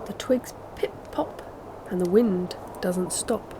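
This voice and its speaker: A woman's voice: on the low side, slow pace. A woman reading a picture book aloud as a storyteller, rhythmic and playful in a sing-song way. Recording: noisy background.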